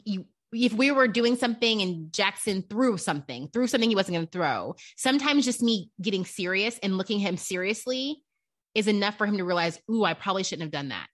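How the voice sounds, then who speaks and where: Young mom co-host, reflective, conversational, middle voice, thinks out loud. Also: female voice, mid-range voice, animated, a little fast. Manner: reflective, thinks aloud, acts out her kids' voices. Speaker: podcast co-host, mother. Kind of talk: casual chat.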